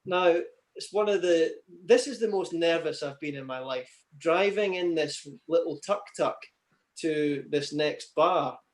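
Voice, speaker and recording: A man's voice: a little high, a little mellow. A man answering interview questions and telling long, chatty anecdotes, with many "you know" asides. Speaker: interview guest, table tennis player. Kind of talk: casual storytelling interview.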